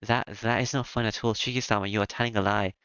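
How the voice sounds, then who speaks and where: A man reading the part of a gentle, devoted young maid woman from a game, with a halting delivery full of small fillers. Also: fairly low pitch, fairly even intonation, clear, resonant tone, no room sound, natural voice. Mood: pleading. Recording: dull lo-fi with music behind.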